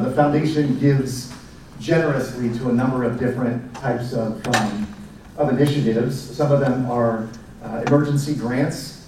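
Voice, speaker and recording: A man, giving a speech to educators as a presenter in a relaxed storytelling manner with fillers. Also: mid-range voice, a little hiss or hum. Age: 40s. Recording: echoey room, mic at a distance.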